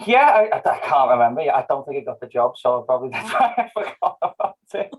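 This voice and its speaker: A man's voice: medium pitch, very animated, quick pace, breathy edge, poor audio. A young man in his twenties, a stage performer, chatting casually as a podcast guest, easygoing and laughing often. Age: 20s. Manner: easygoing, fidgety, laughs a lot. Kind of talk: casual interview chat.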